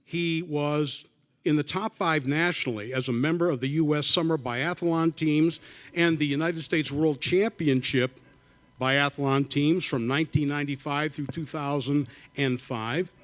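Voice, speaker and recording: A man's voice: fairly high pitch, measured pace, fairly bright tone. A man emceeing a hall of fame banquet, joking wryly between speakers and introducing the next presenter. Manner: wry, joking, conversational.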